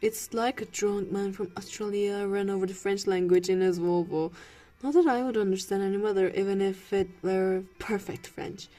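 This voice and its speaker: A woman's voice: medium pitch, steady tone, moderate pace, mellow, soft background music. Playful young woman reading a game aloud. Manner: playful, giggly, switches between reading and reactions. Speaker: gameplay streamer. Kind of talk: reading a dating sim aloud with commentary.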